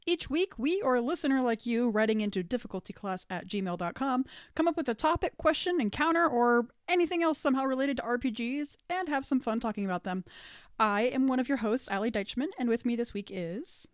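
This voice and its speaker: A woman's voice: on the high side, lively intonation, fairly quick, no room sound, studio quality. A woman hosting a tabletop gaming podcast in casual chat, upbeat and giggling between thoughts. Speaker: podcast host.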